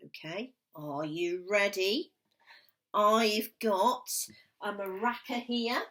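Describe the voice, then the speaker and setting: A woman's voice: medium pitch, a bit bright. A woman teaching a recorded music lesson to young children, patient and encouraging, sometimes dropping to a whisper. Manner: slow, patient and encouraging, drops to a whisper at times. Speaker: primary school music teacher.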